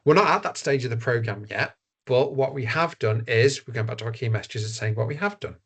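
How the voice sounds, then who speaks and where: A man's voice: mid-range voice, expressive, fairly quick, a bit bright, breathy edge. A man giving an online masterclass as a voice and media trainer, talking in an earnest, conversational way with frequent ums and restarts. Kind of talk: online presentation-skills masterclass. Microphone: video call.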